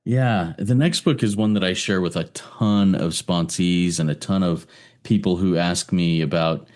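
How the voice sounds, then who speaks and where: Deep-voiced earnest man. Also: a little slow, darkish tone. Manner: earnest, repeats words as he thinks. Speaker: podcast co-host, sponsor. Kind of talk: casual recovery podcast chat.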